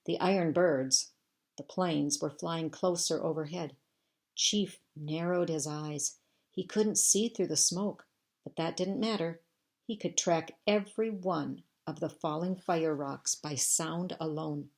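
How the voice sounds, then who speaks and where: A teacher with a notably low voice reads a chapter book aloud to her young pupils. She tells the story in a steady, measured way, pausing between phrases.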